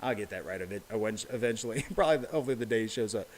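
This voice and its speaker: A man's voice: lowish voice, expressive, fast. A man hosting a casual livestream, calling out bingo numbers and viewer names in a chatty, upbeat way.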